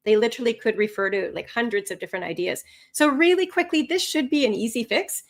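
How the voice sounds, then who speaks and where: A woman instructor teaching a live online lesson, animated and expressive, with swooping pitch and frequent laughter. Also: fast talker. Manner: laughs often. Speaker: language test instructor.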